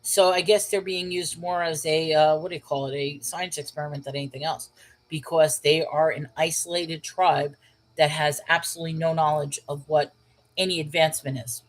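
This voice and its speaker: Lady talking bible chat on her stream, kinda low voice, um-ing and restarting as she reads comments. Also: fairly even intonation, moderate pace, low-quality recording. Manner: conversational, thinking aloud with fillers and restarts. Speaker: livestream host reading chat. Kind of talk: casual live chat about Bible study.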